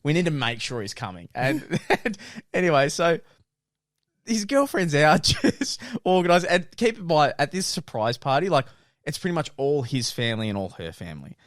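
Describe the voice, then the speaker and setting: Podcast co-host man, fairly high and very expressive, casual storytelling that keeps breaking into laughs, dry booth sound. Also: moderate pace, dry recording. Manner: animated, laughs through his own story; acts out friends' lines in lowered quoted voices.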